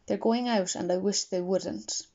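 A woman reading an audiobook as first-person narration, quiet, reflective and wistful, on a dull lo-fi recording. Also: mid-range voice, fairly even intonation, unhurried.

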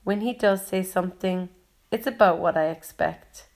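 A woman reading a children's novel aloud in the first person, in a slow, gentle manner. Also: mid-range voice. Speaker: audiobook narrator. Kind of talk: first-person storybook narration.

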